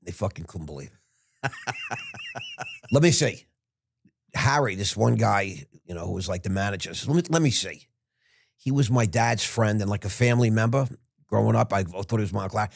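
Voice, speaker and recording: A man's voice: on the low side, brisk, vocal fry, no echo, clean studio sound. A man in his sixties, a podcast guest, telling a rambling, frank story with restarts and the odd curse word. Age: 60s. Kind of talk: casual interview storytelling.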